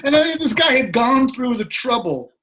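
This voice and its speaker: A middle-aged man, a guest musician, telling anecdotes in a casual, animated way over a video call, his voice a little hoarse. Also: very high voice, normal speed, slight background noise. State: slightly hoarse. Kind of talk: casual storytelling.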